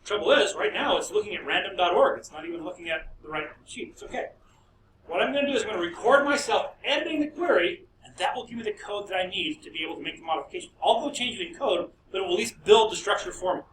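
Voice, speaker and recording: A man's voice: high voice, animated, quick pace, fairly bright tone. A middle-aged man, a professor, lecturing a class in a chatty way, with storytelling asides. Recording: echoey classroom, distant mic, faint noise.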